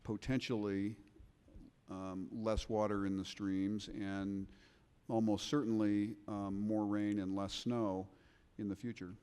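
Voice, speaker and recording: A man speaking on a workshop panel in a measured way, pausing often to think. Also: fairly low pitch, flat delivery, mellow, smooth. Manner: measured, with frequent um pauses. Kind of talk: panel discussion. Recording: long reverb of a large hall.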